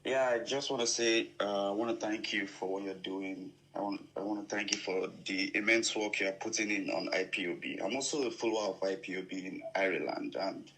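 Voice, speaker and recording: A man's voice: lowish voice, brisk, few pauses, a bit bright, low-quality recording. A man from Nigeria calling in to a live show, polite and a little hesitant. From Nigeria, Delta State. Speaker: caller. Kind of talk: phone-in call.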